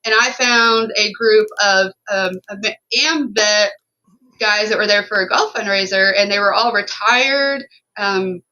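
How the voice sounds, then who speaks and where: Podcast co-host, woman; bright, forceful voice, swears a lot, talks in heated run-ons. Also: medium pitch, highs cut off. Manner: emphatic and profane, rapid run-on storytelling. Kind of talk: casual podcast storytelling.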